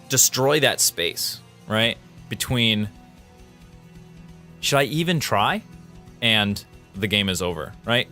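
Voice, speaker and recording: A male game developer offers casual commentary over footage with a soft music bed underneath. He sounds animated, firing off excited exclamations and jumping in pitch.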